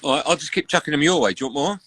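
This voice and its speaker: A man's voice: fairly high pitch, expressive, fairly bright tone, breathy edge, no echo. A man, a host chatting on a live video stream, telling jokey anecdotes and posing would-you-rather questions. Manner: jokey storyteller, brisk anecdotes. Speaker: radio host. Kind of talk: casual live-stream chat. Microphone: online live video call.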